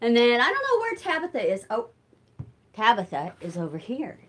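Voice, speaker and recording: A woman's voice: a little high, huge pitch swings, normal speed, slightly rough. An older woman chatting casually on a live stream while doing chores at home and reading out viewer comments. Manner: chatty, warm toward her cats, answers viewer comments. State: winded from walking. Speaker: vlogger. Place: her home, moving between rooms.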